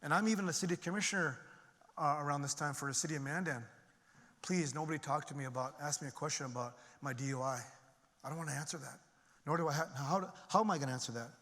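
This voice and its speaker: A man's voice: quick pace, fairly bright tone. Earnest man speaking in a big echoing hall. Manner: earnest and emphatic, climbing in pitch and volume when stirred. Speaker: conference speaker. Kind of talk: personal recovery testimony to an audience. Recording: long reverb of a large hall.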